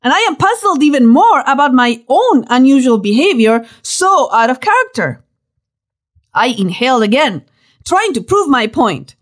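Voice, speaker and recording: Woman, story narration, high voice, very animated, playful emphasis. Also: moderate pace. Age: young adult. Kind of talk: reading a personal story aloud.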